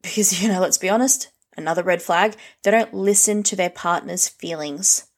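A woman's voice: lowish voice, normal speed. A young woman vlogging, giving a blunt, frank rant full of swearing. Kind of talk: casual rant to camera.

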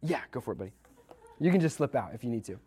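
Young male youth leader, casual and animated, reads scripture then riffs on it with the group. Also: medium pitch, fast, husky. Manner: animated, acts out characters, asks the group questions. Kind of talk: casual Bible teaching to a group.

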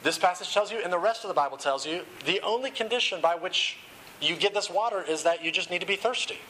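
A male pastor delivers a sermon with a bright, forward voice, quick and casual. He throws out rhetorical questions and jokey asides, and sits a touch above the usual male pitch. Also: slight background noise, low-quality recording.

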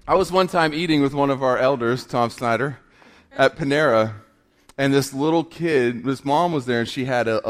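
A man preaching a sermon to his congregation, telling a funny story with humor and swinging between loud and hushed delivery. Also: mid-range voice, smooth. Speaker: pastor.

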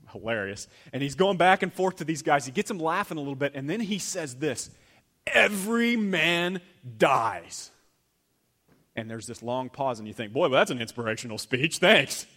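In a church, a pastor delivers an animated sermon in a medium-pitched voice. He swings between loud emphasis and hushed near-whispers.

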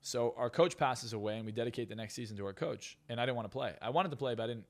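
A man's voice: mid-range voice, quick pace. A man who is a hypnotist and success coach, telling stories in a podcast interview with a boastful, self-assured manner.

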